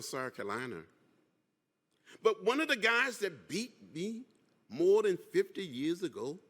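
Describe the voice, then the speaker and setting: A man's voice: on the high side, fairly bright tone. A man in his seventies gives an impassioned keynote speech, building rhythmic, repetitive lines like a preacher. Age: 70s. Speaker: keynote speaker. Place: large conference hall. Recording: reverberant hall.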